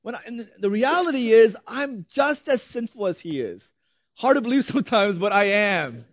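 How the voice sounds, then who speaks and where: A man's voice: sits high, sing-song, normal speed, no echo, lo-fi sound. A man in his thirties preaching a sermon as a pastor, conversational, often asking "right?" and laughing lightly.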